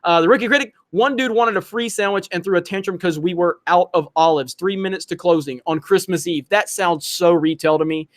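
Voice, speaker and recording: High-voiced man telling stories on stream. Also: a little fast, hardly any pauses. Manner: profane, storytelling, reads out viewer messages. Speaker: livestream host. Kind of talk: casual livestream chat.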